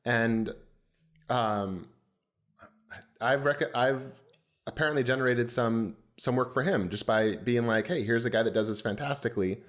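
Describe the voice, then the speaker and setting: A man's voice: mid-range voice, unhurried. A man co-hosting a design podcast, chatting casually with a curious, filler-heavy way of talking. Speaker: podcast co-host.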